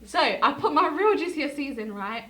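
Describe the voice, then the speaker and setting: Brief: quick, fairly high teen girl, animated storyteller, casual chat. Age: late teens. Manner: animated storyteller, acts out quotes. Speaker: student guest.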